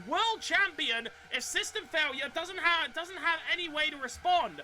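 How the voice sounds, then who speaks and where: A man with a strikingly high, very bright voice calls a sim racing event live. He is excitable and often trips over words and restarts them. Faint background noise sits under his voice. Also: normal speed. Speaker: race commentator.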